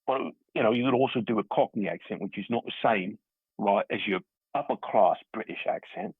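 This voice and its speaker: A guest actor from Staten Island, New York, talks a little fast in a lowish, gravelly, husky voice with no echo. In a casual interview over a remote call, he tells rambling, self-deprecating stories, and the dry audio sounds tinny, like a phone.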